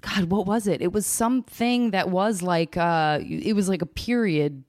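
A woman's voice: fairly low pitch, moderate pace, a little mellow. A woman with a General American accent hosting a podcast, chatting casually and rambling with self-deprecating humor. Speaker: podcast host. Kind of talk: casual chat.

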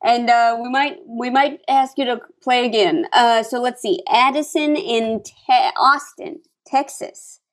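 A woman hosting a playful call-in game over a video call. Her voice sits a little high, and her delivery is bemused and deadpan, often breaking into giggles. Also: a little slow, few pauses. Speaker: podcast host. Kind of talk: comedic game-show hosting.

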